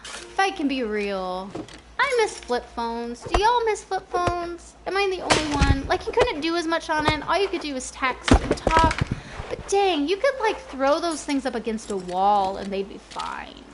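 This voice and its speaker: A woman's voice: high voice, very animated, a little slow. A young woman in her twenties chatting casually with her viewers while playing a game, rambling from topic to topic. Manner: chatty, rambling, talks to chat. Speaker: game streamer. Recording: noisy stream audio.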